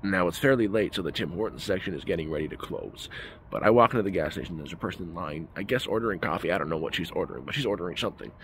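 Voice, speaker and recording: Man in a vlog, low voice with big swings in pitch, ranting emphatically. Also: expressive, racing, a bit bright, a little hiss or hum. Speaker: vlogger. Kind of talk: casual storytelling rant.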